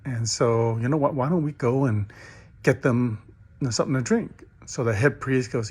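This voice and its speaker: A middle-aged man speaks from home to graduates. He tells a story in a relaxed, chatty way, with a slightly husky voice, and acts out the characters' lines with lots of fillers and repeated starts. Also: medium pitch, normal speed. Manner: storytelling with animated quoted voices. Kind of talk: recorded commencement message.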